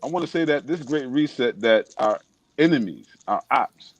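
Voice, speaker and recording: A man's voice: mid-range voice, lively intonation, normal speed, no echo, low-quality recording. A man in a political discussion telling a personal story, casual and emphatic.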